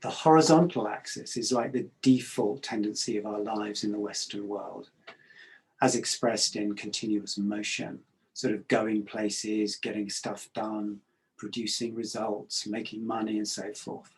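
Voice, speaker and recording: Calm, measured man giving a talk. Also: fairly low pitch, poor audio. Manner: calm, measured, with frequent hesitations. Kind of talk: reflective talk.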